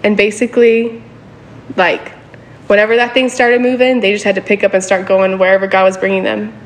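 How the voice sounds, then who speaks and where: A woman's voice: medium pitch, little pitch movement, a little fast. A woman preaching a sermon in a casual, conversational way, often checking in with her listeners for agreement.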